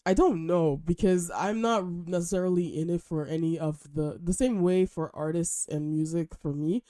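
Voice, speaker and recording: Young woman for a casual book-review vlog, mellow tone, slightly low pitch, dry close sound, gushes and rambles. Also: no room sound. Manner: gushing, chatty, animated. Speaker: book vlogger and podcast host.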